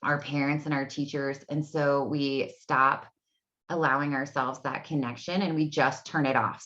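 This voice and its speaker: Low-voiced chatty woman, dull home recording. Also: fairly even intonation, normal speed, a bit bright. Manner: chatty, rambling, many fillers. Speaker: energy healing coach. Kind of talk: casual solo talk to camera. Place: home room. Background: dogs barking.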